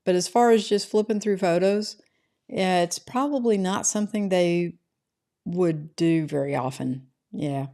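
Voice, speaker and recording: This is a middle-aged woman with a voice sitting a little low. She runs a casual livestream from home and rambles through viewers' comments in an easygoing, chatty way. She often tags her sentences with "right?". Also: measured pace, dark tone. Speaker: livestream host reading chat.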